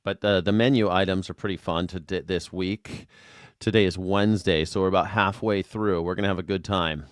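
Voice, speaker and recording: A man hosting a live call-in show, rambling and excitable, swearing freely as he talks. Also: sits low, a little fast, dry recording, studio quality. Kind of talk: casual call-in chat.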